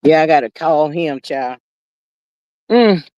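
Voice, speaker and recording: An older woman runs a casual gossip livestream, drawling in a folksy, drawn-out way and calling her listeners child and honey. Her voice is low-pitched and dark in tone, with lively intonation and no room sound.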